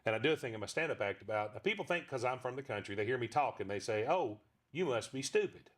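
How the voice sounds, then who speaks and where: Man, fifties, ventriloquist guest, middle pitch, rambling, joking, casual. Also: rapid-fire, a bit bright. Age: 50s. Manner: rambling storyteller, frequent restarts, joking. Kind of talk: casual interview talk.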